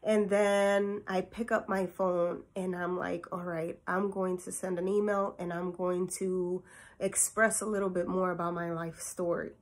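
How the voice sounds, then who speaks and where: A young woman telling a personal story in a candid, chatty way, swinging between soft, quiet moments and excited outbursts. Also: lowish voice, measured pace. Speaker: vlogger.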